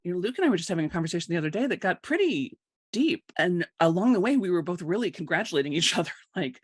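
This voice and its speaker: Chatty woman host, quick and lively, dry close mic. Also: lowish voice, dry recording. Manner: chatty, laughs often, acts out dialogue. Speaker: host of a live coaching show. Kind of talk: casual live talk to viewers.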